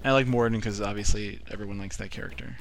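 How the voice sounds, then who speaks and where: A man's voice: on the low side, fairly even intonation, fast, vocal fry, a little hiss or hum. A man casually chatting about a video game in a laid-back way, often trailing off.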